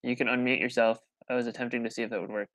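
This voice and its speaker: A man with a bright, sharp voice hosts a livestream call, cracking teasing jokes at his guest while he fiddles with the settings. His pitch is ordinary. The sound is dry and close to the mic. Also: flat delivery, rapid-fire, dry recording. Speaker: livestream host. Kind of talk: casual chat over a voice call.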